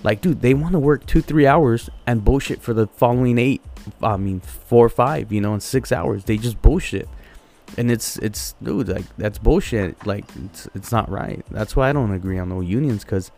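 A man's voice: mid-range voice, normal speed, vocal fry, a little mellow. A man on a podcast telling a heated story, swearing constantly and repeating words as he goes. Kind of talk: casual profane storytelling.

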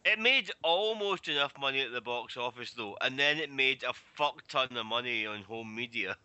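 A man's voice: medium pitch, animated, moderate pace, sharp tone, no room sound, rough recording. A man, joking and laughing in casual podcast banter with friends. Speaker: podcast co-host. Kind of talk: casual group chat watching a film.

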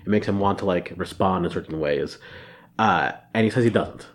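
A man co-hosting a casual podcast chat, animated, swearing freely and laughing through his lines. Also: low voice, normal speed. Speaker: podcast co-host.

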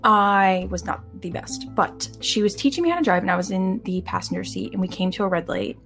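Woman, young adult, podcast co-host, chatty storyteller, slight stutter, soft music behind. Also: medium pitch, lively intonation, fairly quick. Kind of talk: casual podcast chat.

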